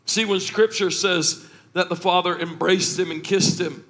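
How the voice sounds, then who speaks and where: A man preaching a sermon. He swings from quiet to shouting with emotion and says he is emotional this morning. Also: high voice, steady tone, a little slow. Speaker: pastor.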